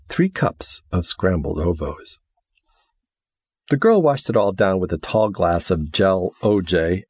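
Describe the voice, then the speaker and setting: A man narrating a story as an audiobook reader, with measured, expressive delivery. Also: low voice, breathy edge, no echo, studio quality. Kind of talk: scripted narration.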